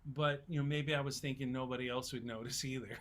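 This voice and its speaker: A man in his sixties, a songwriter on a festival panel, telling relaxed, folksy stories in casual talk. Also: mid-range voice, a little fast.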